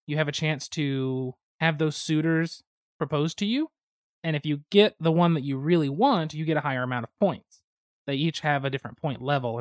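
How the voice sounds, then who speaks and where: A man from the United States, co-hosting a podcast, telling board-game stories in a lively, chatty way with sudden fast bursts. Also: fairly high pitch, no room sound, clean studio sound. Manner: animated storytelling, quick bursts of speed. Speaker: podcast co-host. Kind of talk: casual chat about board games.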